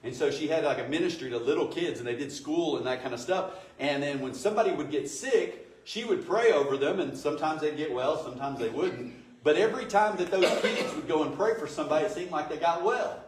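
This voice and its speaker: A man's voice: on the high side, brisk. A man preaching to his congregation in a conversational way, often asking rhetorical questions. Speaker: pastor. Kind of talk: sermon. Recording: echoey room, distant mic, faint noise.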